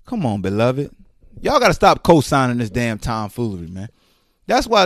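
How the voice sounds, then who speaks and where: A slightly high-voiced man rants as a podcast host, incredulous and loud in turns, mocking what others say in quick put-on voices. His speech is slangy and lively, and the sound is dry and close, with no room around him. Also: dry recording. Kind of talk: casual commentary rant.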